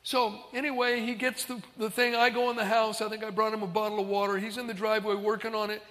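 A man's voice: sits high, little pitch movement, fast, a bit bright, in a large hall. A man preaching a sermon as a pastor, telling stories in an easygoing, conversational way in a large auditorium.

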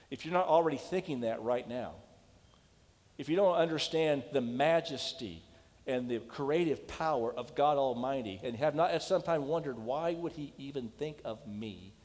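A man's voice: medium pitch, darkish tone. A man preaching a sermon as a pastor, talking in an emphatic, questioning way and telling stories. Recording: long hall reverb.

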